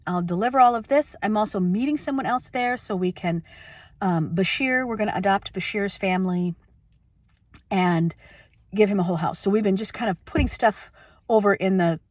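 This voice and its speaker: A woman chatting casually for her vlog from her car, excitable and rambling, with lots of fillers as she shows what she has picked up. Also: mid-range voice, moderate pace, dry recording. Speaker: vlogger. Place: in a parked car.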